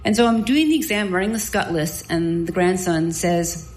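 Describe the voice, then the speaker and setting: Woman doctor spinning a funny self-mocking story, vivid and lively. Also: lowish voice, moderate pace, echoey room, a little hiss or hum, poor audio. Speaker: doctor telling a personal story. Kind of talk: live storytelling.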